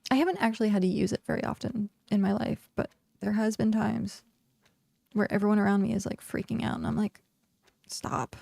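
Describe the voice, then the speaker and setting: A woman's voice: medium pitch, steady tone, fast talker, gravelly, dark tone, dry recording. A woman streaming a game and chatting casually, filling her talk with "like" and laughing often. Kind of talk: casual livestream chat.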